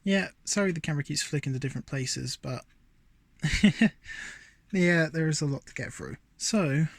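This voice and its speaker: A man's voice: fairly high pitch, no room sound. Chatty man showing off his collection. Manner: chatty and rambling, many fillers and asides. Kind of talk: casual show-and-tell vlog. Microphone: handheld phone.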